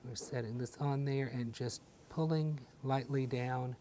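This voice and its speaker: A man guides viewers through a painting demonstration step by step. His delivery is gentle and encouraging, with a mid-range voice and homespun sayings sprinkled in. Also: medium pitch, fairly even intonation, unhurried, a little hiss or hum. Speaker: painting instructor.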